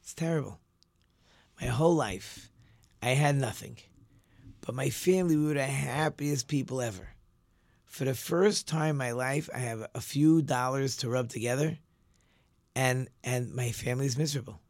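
A man voicing a humble poor man, speaking softly and hesitantly with apologetic stammers. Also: mid-range voice, normal speed, pauses often, dry recording, close to an everyday voice.

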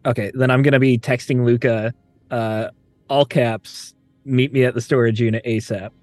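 A man's voice: medium pitch, fairly even intonation, normal speed, darkish tone, dry recording, faint music behind. Man playing a tabletop game, dry close sound. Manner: hesitant, checking details before acting. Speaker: player.

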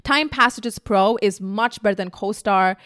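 A woman's voice: mid-range voice, a little slow, clear, resonant tone. A young woman in a casual talking-to-camera vlog, speaking bluntly and emphatically, swearing freely and acting out the voices she quotes. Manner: animated, acts out quotes. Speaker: vlogger.

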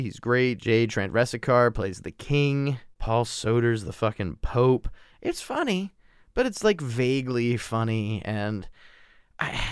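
A man with a low voice and a very smooth, resonant tone talks through a solo podcast episode. He rambles loosely, swears freely and pokes fun at himself. The sound is dry and close. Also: no echo. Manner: rambling, profane, self-deprecating. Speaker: podcast host reviewing films. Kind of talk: casual solo podcast talk.

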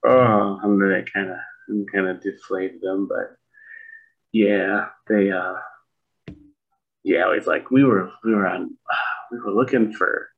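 A man from Michigan co-hosting a podcast, telling a rambling story with many pauses and restarts. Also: deep voice, fairly even intonation. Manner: rambling, full of fillers and restarts. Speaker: podcast co-host. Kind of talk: casual storytelling chat. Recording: dull lo-fi sound.

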